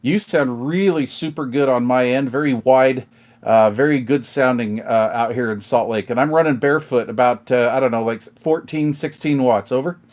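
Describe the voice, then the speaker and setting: On a casual live stream, a middle-aged man works his CB radio from the kitchen table, rattling off slang and radio talk. He has a mid-range, darkish voice and a moderate pace.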